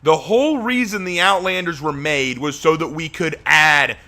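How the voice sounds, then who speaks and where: A male game streamer in the middle of a live-stream rant, his voice sitting a little high with a bright, forceful edge. He keeps circling back to his points with sarcastic repetition, clearly exasperated, and the heat keeps building. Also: moderate pace.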